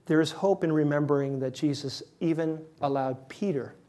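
A male pastor preaching a sermon, shifting between lively acted-out quotes and soft, slow, quiet lines, with self-deprecating humor. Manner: animated, acts out quotes with rising pitch and volume; self-deprecating humor, laughs at own slips.

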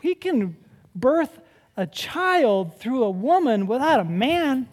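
A pastor preaching a sermon in a conversational, animated way, asking the congregation rhetorical questions and swinging between loud and hushed. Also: high-pitched, slow pace.

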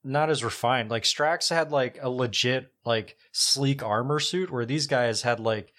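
A man talks slowly on a casual podcast, rambling and hunting for his words with lots of fillers along the way. His voice sits at an ordinary middle pitch. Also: fairly bright tone. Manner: rambling, many fillers, slow and searching. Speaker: podcast co-host.

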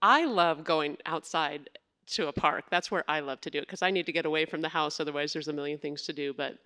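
Soft-spoken earnest woman sharing testimony. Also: sits low, fairly quick. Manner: earnest, reflective, with soft laughs. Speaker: church family ministry staff. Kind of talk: testimony in church interview.

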